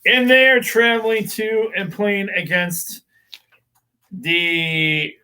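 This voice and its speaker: A man's voice: high-pitched, expressive, slow pace, pushed and bright, rough recording. A man hosting a casual local sports show, rambling through predictions with many restarts and "uh"s. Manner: rambling, with frequent fillers and restarts.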